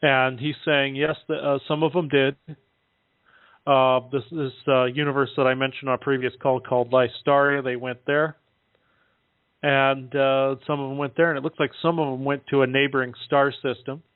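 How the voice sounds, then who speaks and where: A man talking casually on a call-in show, halting often with fillers as he relays what he is told. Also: medium pitch, flat delivery, no room sound. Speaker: guest relaying contact reports. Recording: dry tinny phone line.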